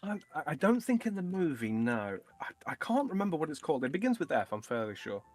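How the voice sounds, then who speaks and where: A man chats casually and jokes, laughing often and dropping the odd swear word. His voice has a lively, bouncing pitch. Faint music plays behind him. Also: fast talker. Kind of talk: casual chat.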